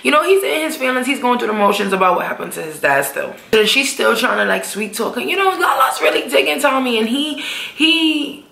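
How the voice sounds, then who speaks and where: Sharp-voiced woman with gravelly fry. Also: a little high, expressive, a little fast. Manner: slangy, profane, acts out characters' lines. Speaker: TV episode reviewer. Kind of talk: casual recap vlog. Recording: echoey room.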